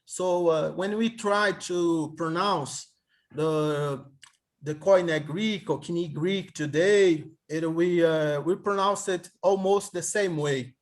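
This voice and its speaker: Slow, hesitant male Greek tutor on a video call, slightly high voice. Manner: hesitant, halting, many restarts. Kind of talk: online tutoring session.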